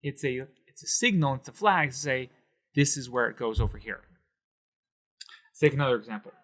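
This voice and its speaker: A man explaining Spanish accent marks in a patient whiteboard lesson, slowing down to stress syllables. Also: medium pitch, animated, a bit bright. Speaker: Spanish teacher.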